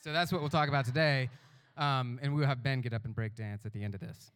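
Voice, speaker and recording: A man's voice: mid-range voice, fast, fairly bright tone, smooth. A man preaching a casual, jokey testimony sermon in a church auditorium on a stage mic, self-mocking and rambling, a little out of breath. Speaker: guest speaker. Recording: reverberant hall.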